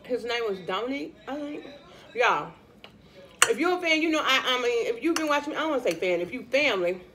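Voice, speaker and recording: Over crowd noise, a slightly high, fast voice with lively intonation carries this Louisiana woman's casual mukbang chatter. She talks to viewers as y'all and eats between her lines.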